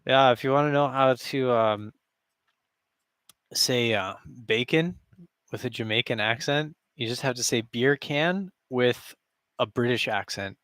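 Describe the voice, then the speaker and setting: A man's voice: medium pitch, a little slow, fairly bright tone, clean tone, dry recording, studio quality. A man casually chatting and joking with his stream viewers from his basement, rambling with frequent chuckles. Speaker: live streamer. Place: basement room with a cardboard backdrop.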